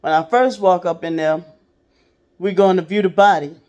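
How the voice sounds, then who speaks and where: A woman's voice: fairly low pitch, fairly even intonation, moderate pace, a little mellow. A woman casually telling a personal story to her viewers, in a blunt, profane way. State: sick. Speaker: vlogger.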